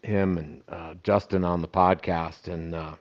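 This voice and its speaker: A man telling a lively anecdote as a podcast guest, acting out the people in his story. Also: low-pitched, measured pace, lo-fi sound. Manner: animated anecdote teller who acts out quoted voices. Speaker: podcast guest, festival founder. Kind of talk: casual storytelling.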